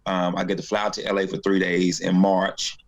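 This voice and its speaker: A low-voiced man speaks a little fast as he shares a story in a casual interview. He's a comedian from North Carolina appearing as a guest, and he animatedly acts out the voices of the story's characters.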